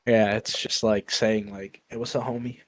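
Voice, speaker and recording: A young man co-hosting a podcast in casual chat, loud and joking, swearing and bursting into silly high voices. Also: level tone, moderate pace, no echo. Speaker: podcast co-host.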